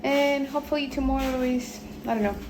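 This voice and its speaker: A woman with a fairly high voice records a travel vlog out on the road. She talks casually and loosely, trailing off and restarting her thoughts. Steady outdoor and road noise runs clearly under her voice. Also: fairly quick. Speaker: travel vlogger.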